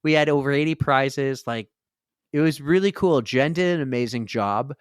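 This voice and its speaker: A man co-hosting a podcast in casual chat, telling a story and acting out the quotes with big jumps in pitch. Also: normal speed, clear, resonant tone, no room sound, studio quality. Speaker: podcast co-host.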